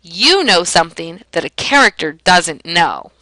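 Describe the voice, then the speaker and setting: A woman teacher explaining a lesson in a clear, emphatic way, asking and answering her own questions. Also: fairly low pitch, very animated, unhurried, sharp tone, dry recording, low-quality recording. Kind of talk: classroom lesson narration.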